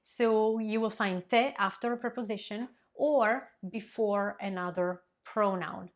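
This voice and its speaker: Woman teaching a lesson. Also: medium pitch. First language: Italian. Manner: clear, explanatory, repeats example phrases slowly. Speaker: Italian language teacher. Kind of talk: scripted language lesson.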